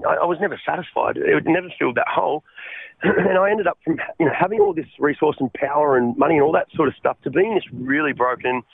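An Australian man telling his life story as a radio guest, halting and repeating words as he speaks. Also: a little high, creaky, breathy edge, no echo. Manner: halting, repeats words, calls the host mate. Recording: tinny phone line.

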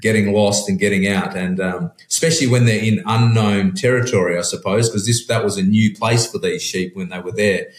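A man, a pastor and sheep farmer, talking in a relaxed, rambling way with frequent restarts. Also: on the low side, brisk, hardly any pauses. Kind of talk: casual conversation. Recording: roomy echo.

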